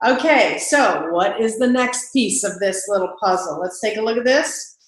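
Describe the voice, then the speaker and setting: A woman's voice: mid-range voice, normal speed, echoey room, low-quality recording. A woman sales trainer giving an upbeat talk to camera, laughing often and acting out sample phone calls.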